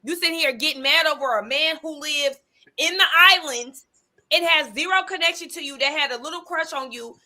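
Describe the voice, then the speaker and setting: Blunt woman with a bright, high voice. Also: fairly quick. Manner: blunt, profane, emphatic. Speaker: panelist. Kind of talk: casual opinionated chat.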